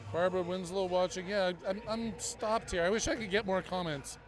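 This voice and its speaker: A man calling a youth hockey game live, moving from rapid play-by-play to jokey banter with his co-host. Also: high voice, steady tone, faint music behind. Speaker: play-by-play commentator.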